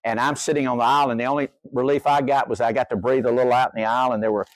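A man's voice: mid-range voice, flat delivery, very fast, dry recording. Folksy older male pastor, dry sound. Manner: folksy, humorous storytelling. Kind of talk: sermon.

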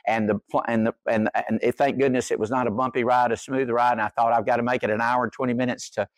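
A man's voice: mid-range voice, flat delivery, fast talker, no room sound. An older man preaching a sermon, telling a humorous story in a folksy way. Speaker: pastor.

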